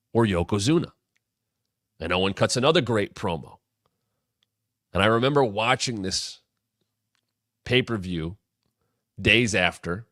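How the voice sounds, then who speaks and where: A man in his thirties with a bright, forceful voice, recapping old wrestling storylines with real enthusiasm. He talks casually and breaks into sudden energetic bursts. The sound is close and dry, with no room in it. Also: fairly low pitch, no echo. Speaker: wrestling show host. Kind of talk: casual retrospective commentary.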